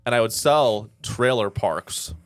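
Man, podcast co-host, lively swooping pitch, dry close sound, jokey riffing. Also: slow pace, no echo. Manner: riffing, joking, mock infomercial bits. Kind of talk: casual comedic banter.

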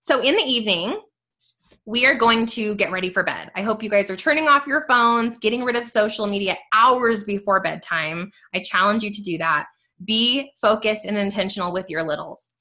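A woman's voice: medium pitch, expressive, normal speed, pushed and bright. A woman in her thirties hosting a live tutorial, chatty and upbeat as she encourages her listeners. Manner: chatty and upbeat, full of "like" and "you guys". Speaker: host teaching a faith journal.

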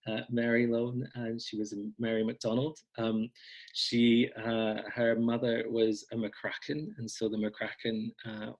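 A man's voice: mid-range voice, fairly bright tone, low-quality recording. A man chatting as a podcast guest, rambling and self-deprecating with lots of ums. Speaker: podcast guest, folk magic blogger. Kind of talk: casual interview chat.

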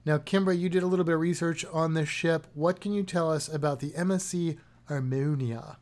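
A man's voice: on the high side, steady tone, brisk, darkish tone. A man co-hosting a podcast, talking in a chatty, rambling, joking way. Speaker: podcast co-host. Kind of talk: casual podcast chat.

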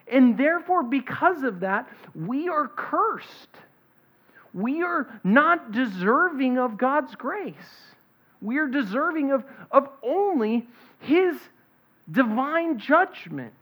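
Woman preacher, expository sermon, slow and deliberate, higher voice, dull lo-fi recording. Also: sing-song. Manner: deliberate, reads scripture quietly then stresses points.

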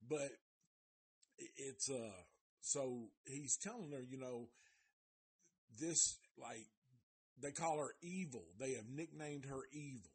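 Husky-voiced man, slow profane recap. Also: mid-range voice. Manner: animated retelling with exaggerated voices of the people in it; heavy cursing, loose slangy delivery. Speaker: live show host reviewing a documentary series. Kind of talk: casual profane storytelling recap.

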